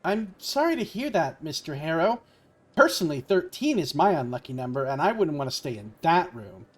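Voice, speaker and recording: A man voicing a polite young woman who works as a motel receptionist, in a chirpy sing-song falsetto while reading game dialogue aloud. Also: big pitch swings, moderate pace.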